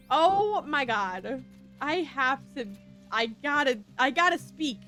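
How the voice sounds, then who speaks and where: Bubbly high-voiced woman streaming a game. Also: big pitch swings, moderate pace, fairly bright tone, no echo, soft background music. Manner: chatty, laughs at her own slips. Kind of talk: casual gameplay streaming.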